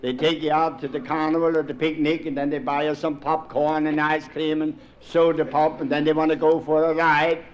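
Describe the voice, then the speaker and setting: A woman's voice: sits low, level tone, brisk, hardly any pauses, muffled recording, natural voice. A man voicing a fussy small-town mother who warns her daughter in one long breathless list, with a Pennsylvania Dutch accent. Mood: cautioning.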